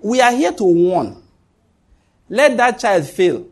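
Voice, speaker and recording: A man's voice: sits high, very animated, takes it slowly, a little mellow. A man preaching a sermon as pastor, emphatic, repeating key lines and dropping joking asides.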